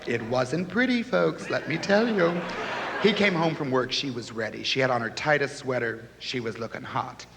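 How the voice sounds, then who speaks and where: A man's voice: mid-range voice, moderate pace, vocal fry. A middle-aged man in drag doing campy, flamboyant stand-up comedy on a TV stage. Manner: campy, flamboyant joke delivery. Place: TV studio stage before a laughing audience. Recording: 1970s TV audio with a live audience, hiss and hall reverb.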